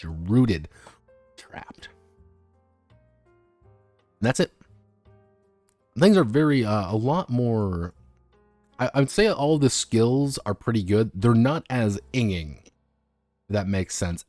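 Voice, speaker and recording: Guy rambling on a stream, low voice, lots of "like"s and swearing, dry mic. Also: darkish tone, dry recording. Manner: rambling, filler-heavy, casually profane. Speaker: streamer reviewing tabletop games. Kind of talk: casual unscripted commentary. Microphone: streaming microphone.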